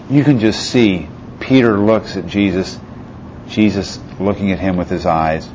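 A man's voice: low voice, darkish tone. A man preaching a sermon who reads scripture passages aloud and puts rhetorical questions to his listeners. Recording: slightly muffled with faint background hiss.

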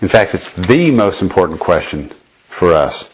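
A man with a fairly low voice leads a conversational Bible study. He explains patiently and pauses often to check that his listeners follow. The recording sounds dull and lo-fi. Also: big pitch swings, husky.

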